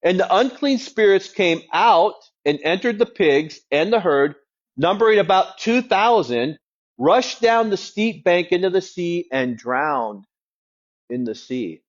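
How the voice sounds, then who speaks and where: A man's voice: high voice, lively intonation, unhurried. A man preaching a sermon as a pastor, in a conversational, wry teaching tone. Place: church. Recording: dull lo-fi sound.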